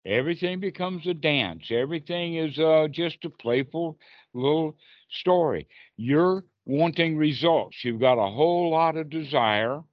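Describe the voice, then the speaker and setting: A man's voice: a little high, measured pace, no echo. A man teaching Buddhist meditation on a group video call, playful and encouraging as he acts out inner dialogue. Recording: dull lo-fi call audio.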